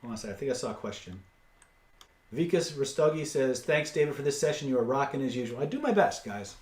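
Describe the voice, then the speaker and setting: A man hosting a live online webinar, pitching course bundles and rattling off dollar values in a salesy patter. His voice sits at an ordinary pitch and carries a noticeable room echo. He drops blunt, casual asides between the numbers. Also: expressive, quick pace. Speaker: webinar host and seller.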